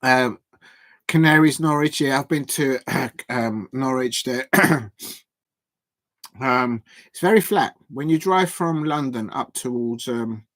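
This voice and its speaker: A man hosting a live football watch-along from home, chatting in a rambling, hesitant way with lots of fillers and restarts and giving shout-outs to viewers. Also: mid-range voice, takes it slowly, no room sound. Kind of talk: casual live match commentary.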